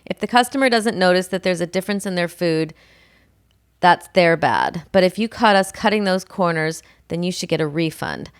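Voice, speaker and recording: Low-voiced, skeptical female podcast co-host. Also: big pitch swings, normal speed, clean tone, dry recording, studio quality. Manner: teasing, skeptical, reads listener emails. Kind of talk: casual comedic chat.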